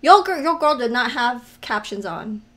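A young woman reacting to a video in casual, animated commentary, often exclaiming and laughing. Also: on the high side, normal speed. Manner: animated, exclaiming and laughing at what she watches. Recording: music playing behind her voice. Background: faint music.

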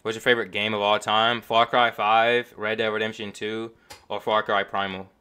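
Low-voiced guy, bright sharp tone, joking reaction commentary, faint music behind. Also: little pitch movement, moderate pace. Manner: offhand, joking remarks with asides. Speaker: reaction video host.

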